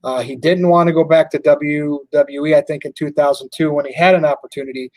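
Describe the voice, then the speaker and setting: Man, high voice, dry close mic, podcast co-host, casual chat. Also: steady tone, a little fast, a little mellow, dry recording.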